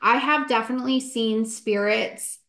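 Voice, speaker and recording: A woman's voice: a little high, steady tone, normal speed, fairly bright tone. A woman co-hosting a podcast, talking earnestly and matter-of-factly in casual chat. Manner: earnest, matter-of-fact about spirits. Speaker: podcast co-host. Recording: roomy.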